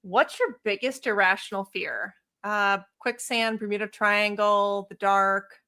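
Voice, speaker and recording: A woman's voice: medium pitch, fairly even intonation, unhurried, pushed and bright, smooth. A woman co-hosting a casual podcast, giggling often and asking the questions. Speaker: podcast co-host.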